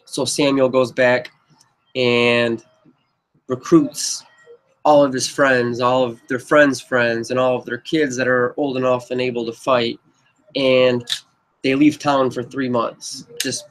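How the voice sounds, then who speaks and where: Flat-voiced man rambling through a pitch. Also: slow pace, low-quality recording. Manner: rambling, heavy on "you know" and "but yep". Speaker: filmmaker pitching his own script. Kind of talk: casual rambling pitch to camera.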